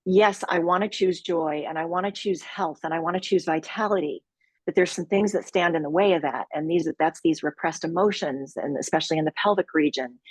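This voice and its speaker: A low-pitched woman with a husky edge speaks calmly and earnestly as an interview guest. She takes her time, with measured pauses. The sound is close and dry. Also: no room sound. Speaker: sexual healing retreat leader.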